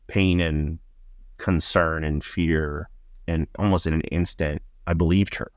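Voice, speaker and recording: Middle-aged guy with a super low voice, thoughtful, lots of ums, dry close sound. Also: dry recording. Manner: reflective, halting, with many fillers. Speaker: podcast guest. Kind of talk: personal storytelling in an interview.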